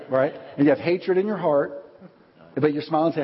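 Animated preacher in a reverberant hall. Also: male voice, fairly high pitch, fairly quick, husky. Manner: animated storytelling, acts out quotes. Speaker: pastor. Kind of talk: sermon. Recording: dull audio with long hall reverb.

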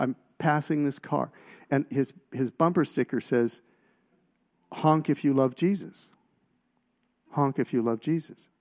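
Brief: middle-aged male preacher, gravelly testimony voice, loose and storytelling. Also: mid-range voice, a little mellow. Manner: storytelling, halting restarts, rises in volume at punchlines. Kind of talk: personal testimony sermon.

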